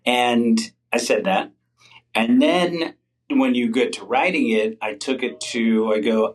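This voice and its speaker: A man's voice: mid-range voice, normal speed, low-quality recording. A middle-aged male comedian, a guest in a candid interview, telling stories in a rambling way with lots of fillers and restarts.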